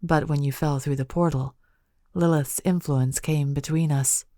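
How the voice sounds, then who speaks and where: An ancient phoenix spirit, as a woman narrator gives her lines from a fantasy audiobook. She speaks in a low, even, formal voice. The sound is close and dry. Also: a little slow, no room sound. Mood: calm. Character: ancient female phoenix spirit, calm and knowing.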